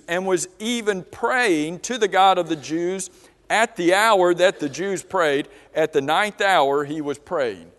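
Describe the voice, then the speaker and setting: Man, slightly high voice, slow deliberate sermon with questions, church hall reverb. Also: a bit bright. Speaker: preacher. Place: church auditorium.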